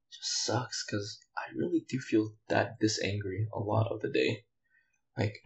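A man's voice: on the low side, creaky, low-quality recording. A man hosting a solo podcast, venting bitterly and angrily, rambling with frequent sighs and swearing. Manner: rambling, with many fillers and profanity. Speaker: podcast host.

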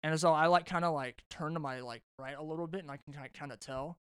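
A young man tells a long, animated story on a casual podcast, swearing freely and restarting his sentences as he goes. His voice sits a little high and comes across smooth and clear, recorded close and dry. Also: quick pace, dry recording. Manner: rambling, animated, swears a lot, many restarts. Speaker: podcast host.

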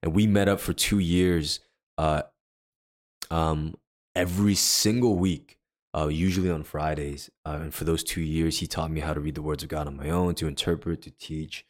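This co-host of a faith podcast has a rumbling low voice, fairly even intonation and normal speed. Earnestly telling a personal story in casual conversation, he acts out quoted dialogue.

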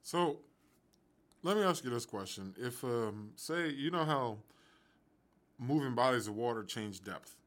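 A man's voice: mid-range voice, lively intonation, a little slow, pauses often, a bit bright. A male interviewer asking curious questions, rephrasing them as he thinks aloud.

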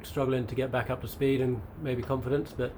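Man, fast-talking race pundit, faint background hum. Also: medium pitch, level tone, darkish tone, low-quality recording. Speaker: downhill racing pundit. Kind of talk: casual chat.

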